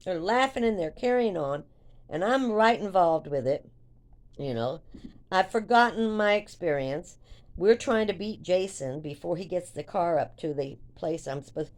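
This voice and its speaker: An older woman talks straight to her viewers in a loose, rambling vlog. Her voice sits a little low. She gets lively when she acts out the moments she retells. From United States. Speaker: vlogger. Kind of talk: casual storytelling to viewers.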